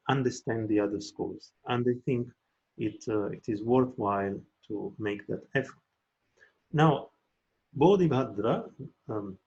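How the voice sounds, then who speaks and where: A man lecturing on Buddhist philosophy, explaining slowly and carefully and chanting verse in a raised voice. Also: medium pitch, a little mellow, husky, lo-fi sound. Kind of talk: academic lecture.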